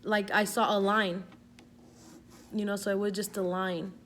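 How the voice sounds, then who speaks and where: A woman's voice: mid-range voice, flat delivery, a little slow, a bit bright. Young woman vlogger, casual storyteller, salty and rambling, everyday mid-range voice, light background hum. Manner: chatty, swears freely, fills with "like".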